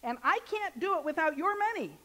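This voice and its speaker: A woman's voice: very high voice, lively intonation, fairly quick, sharp tone, poor audio. A woman minister giving a sermon in a church, joking and asking her congregation questions in a conversational way. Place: church sanctuary.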